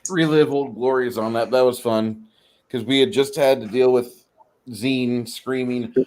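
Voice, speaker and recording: Animated, swearing game-master storyteller. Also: male voice, mid-range voice. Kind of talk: casual podcast chat.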